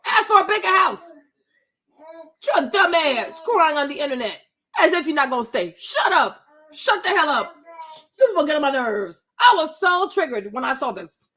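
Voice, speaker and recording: A woman's voice: high voice, big pitch swings, moderate pace, a bit bright. A woman, ranting about celebrity gossip in a sassy, blunt, profane and mocking way. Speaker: commentator reacting to celebrity gossip. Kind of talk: casual rant.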